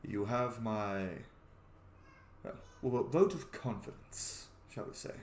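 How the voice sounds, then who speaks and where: A man voicing an eloquent, refined male dragon god who speaks in a solemn, measured way. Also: medium pitch, lively intonation, slight background noise, voice pushed down. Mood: wry. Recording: roomy echo.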